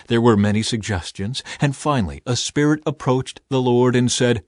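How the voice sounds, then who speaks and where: Male scripture narrator, measured delivery, dry studio sound. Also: medium pitch, no echo. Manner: steady, measured reading. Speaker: scripture reader.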